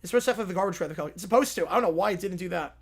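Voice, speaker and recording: A man's voice: high-pitched, racing, slightly rough. A man hosting a livestream in a loose, chatty way. He reads and reacts with easy amusement, talking to his viewers. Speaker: livestream host. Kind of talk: casual livestream commentary.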